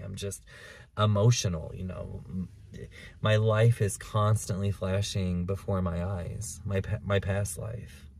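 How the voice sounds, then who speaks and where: A man hosting his own podcast in a candid, profane, emotional monologue, sometimes loud and sometimes hushed, recorded outdoors in a park on the camera's mic. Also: fairly low pitch, slight background noise. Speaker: podcast host. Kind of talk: confessional solo podcast monologue. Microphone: camera recording him.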